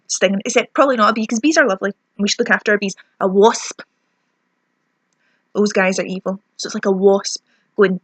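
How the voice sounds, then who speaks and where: A woman's voice: mid-range voice, fairly even intonation, quick pace, no echo. Young woman, Scottish accent, ranting review, self-mocking, lips stinging, dry close sound. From Scotland. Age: young adult. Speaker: beauty vlogger. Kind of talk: product review vlog.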